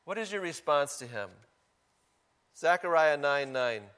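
Conversational preacher with a higher voice. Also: male voice, animated, unhurried, long pauses, fairly bright tone, smooth. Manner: conversational, asks the congregation questions. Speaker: pastor. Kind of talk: sermon.

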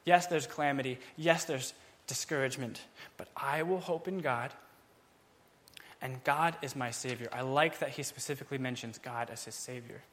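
A man giving a Bible teaching, explaining a psalm in a casual, animated way and acting out its feelings. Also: mid-range voice, moderate pace.

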